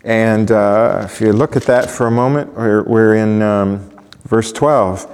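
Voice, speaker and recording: A man's voice: fairly low pitch, a little slow, a little mellow, clear, resonant tone. Man preaching in a reverberant hall. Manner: conversational, asks the congregation questions. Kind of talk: sermon. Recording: long reverb of a large hall.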